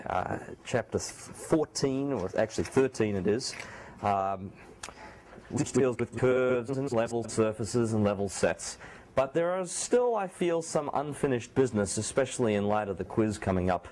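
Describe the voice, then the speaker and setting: A man with a sore throat teaches a university class in a small room, keeping his voice down. His delivery is relaxed and sprinkled with joking asides to his students. His pitch sits in the middle range for a man. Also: unhurried, a little hiss or hum. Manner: speaks softly, not loudly. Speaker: university lecturer. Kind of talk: classroom lecture.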